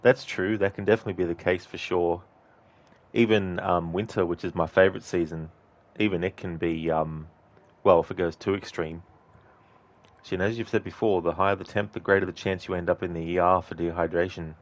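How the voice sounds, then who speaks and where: A very deep male voice with little melody, talking loosely over a game he is playing. He rambles and circles back, with plenty of ums and likes. The tone stays level and unhurried. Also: fairly even intonation. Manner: rambling, many fillers. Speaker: game streamer. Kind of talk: casual commentary over gameplay.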